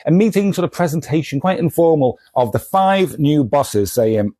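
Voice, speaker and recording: A man's voice: on the high side, lively intonation, normal speed, warm tone, no echo. A man who sells comics, talking in a casual vlog, rambling and self-deprecating as he does a kitchen science demo. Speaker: comic shop seller.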